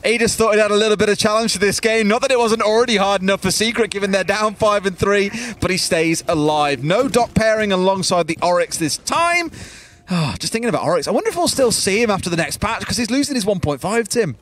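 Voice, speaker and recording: Fast, high-voiced teasing esports caster. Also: male voice, animated, a bit bright, slight background noise. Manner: teasing, laughs often, mocks his co-caster's accent. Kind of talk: colour commentary and banter.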